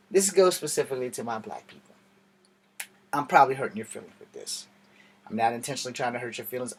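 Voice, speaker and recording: A man's voice: medium pitch, a bit bright, slightly rough. A man giving a blunt, casual monologue to his viewers, swearing now and then. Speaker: vlogger.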